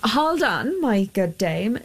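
A woman voicing a sly, smooth-talking soldier who wheedles and flatters. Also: medium pitch, takes it slowly, heavily acted. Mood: wheedling.

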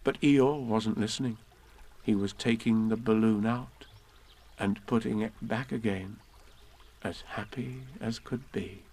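A man reading a children's storybook aloud, gentle and expressive. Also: on the low side, measured pace.

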